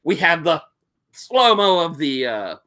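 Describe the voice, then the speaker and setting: A man running a tabletop game, recapping the session as an animated storyteller who acts out quotes and sound effects. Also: fairly high pitch, measured pace. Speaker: game master.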